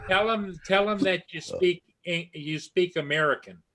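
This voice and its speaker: Bright, higher-voiced man, teasing banter in a group chat. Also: a little slow.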